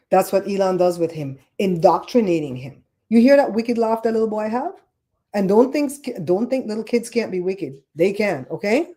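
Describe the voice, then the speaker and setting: A woman with a Caribbean accent hosting a casual livestream show, chatty and animated as she tells stories and rants about grammar. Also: medium pitch, normal speed. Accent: Caribbean English. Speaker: podcast host. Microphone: streaming setup microphone.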